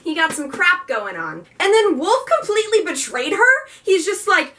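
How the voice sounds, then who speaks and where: Young woman book vlogger, rambling and effusive, bright tone, slightly distant pickup. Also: very high-pitched, big pitch swings, brisk, few pauses. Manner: rambling and gushing, many "like" fillers. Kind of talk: casual book review chat.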